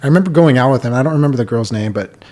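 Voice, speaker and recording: A man's voice: mid-range voice, rapid-fire, darkish tone. A man in his thirties, a podcast host, candidly telling a personal story in an earnest, rambling way full of "like". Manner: earnest, rambling, heavy use of "like".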